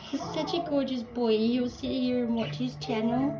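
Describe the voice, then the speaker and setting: A woman's voice: a little high, fairly even intonation, normal speed. A woman cooing affectionate, sing-song baby talk to her pet parrot in a casual home vlog. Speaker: parrot owner. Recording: roomy echo, faint music.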